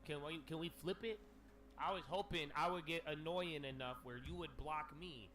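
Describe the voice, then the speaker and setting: A man hosting a casual livestream, ranting in an animated, profane way with lots of slang. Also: on the high side, normal speed, a crowd in the background. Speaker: livestream host.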